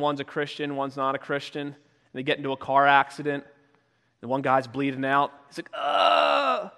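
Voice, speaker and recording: A man preaching a sermon as pastor, talking conversationally and acting out quoted voices with sudden loud shouts. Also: fairly high pitch. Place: church sanctuary. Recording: long reverb of a church hall.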